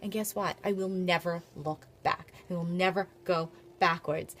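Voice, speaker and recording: A woman's voice: fairly low pitch, steady tone, normal speed, hardly any pauses, fairly bright tone. A middle-aged woman talking to her camera in a casual, motivational way, earnest and confessional, repeating phrases for emphasis. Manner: emphatic, repeats herself for stress. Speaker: vlogger and small business owner.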